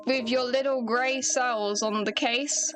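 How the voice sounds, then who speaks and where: A woman's voice: a little high, steady tone, background noise. A woman voicing a bumbling, eager male police inspector in a video game, with an Essex accent and a hedging manner. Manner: hurried, hedging, unsure of himself.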